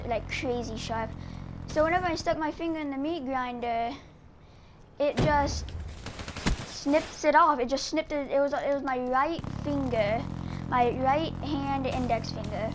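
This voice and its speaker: High-voiced rambling woman telling a story. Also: noisy background. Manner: rambling, heavy on filler words. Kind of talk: casual storytelling over gameplay.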